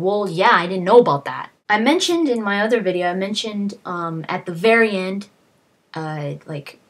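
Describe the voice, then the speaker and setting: A young woman talks her way through a game's story in a loose, rambling style. Her voice is a little husky and sits low for a woman. She keeps doubling back with fillers and restarts as she goes. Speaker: video creator retelling a game plot. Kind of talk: casual plot recap.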